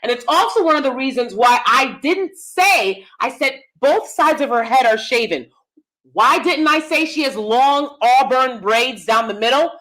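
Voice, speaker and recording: A woman's voice: high voice, sharp tone. A woman hosting a commentary vlog, who speaks emphatically and often asks her viewers questions directly. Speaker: channel host; theater actor.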